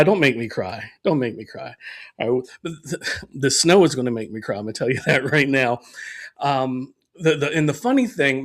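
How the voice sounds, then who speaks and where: A man's voice: medium pitch, moderate pace. Chatty man hosting a podcast. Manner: rambling and conversational, with frequent fillers and restarts; laughs easily between remarks. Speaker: podcast host. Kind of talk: casual chat.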